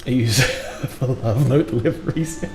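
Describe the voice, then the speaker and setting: An unhurried British man from the UK with a mid-range voice casually hosts a gameplay livestream as community manager. He's chatty and jokey, often putting himself down, and the audio sounds roomy with faint music.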